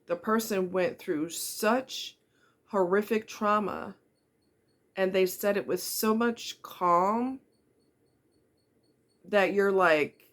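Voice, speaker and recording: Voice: medium pitch, fairly bright tone. Middle-aged vlogger, earnest and blunt, talks straight to the viewer with pointed questions. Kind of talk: candid personal monologue.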